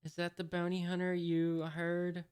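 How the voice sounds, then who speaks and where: A reader voicing a menacing, heavyset female pirate captain, read out flatly. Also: mid-range voice, a little slow, clean tone, lightly acted. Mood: threatening. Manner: flat reading.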